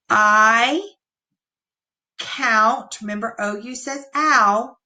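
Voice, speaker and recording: A woman teacher giving an online reading lesson to young children, reading sentences aloud slowly and patiently. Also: mid-range voice, sharp tone. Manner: slow, clear, patient read-aloud.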